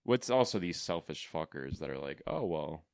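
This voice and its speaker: A man's voice: a bass voice, expressive, a little fast, clean tone, dry recording, clean studio sound. A man co-hosting a podcast in casual chat, blunt and crude. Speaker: podcast co-host.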